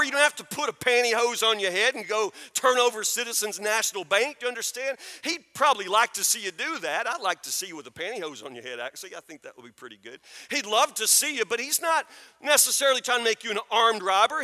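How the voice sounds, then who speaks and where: A man with a very high, bright voice preaches a sermon, pressing his points again and again and asking his listeners if they understand. His voice rings with a long reverb in a big hall. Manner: emphatic, repeats phrases, asks the crowd questions. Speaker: pastor.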